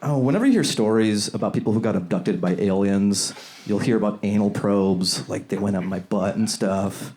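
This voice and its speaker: A male stand-up comedian working a club crowd in a loose, conversational way, now and then jumping into high, silly voices. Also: moderate pace. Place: comedy club before a live audience. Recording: loud crowd laughter around the voice.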